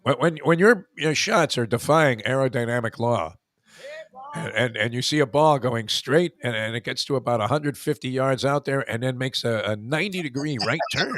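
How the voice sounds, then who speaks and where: A man's voice: mid-range voice, animated, normal speed, fairly bright tone. Rambling joking male radio host. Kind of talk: casual radio chat.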